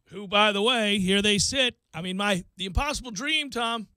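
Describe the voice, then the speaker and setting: A man hosting sports talk radio, chatting casually and excitedly, rattling off baseball stats and joking around. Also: sits high, brisk, few pauses, clean tone, no echo.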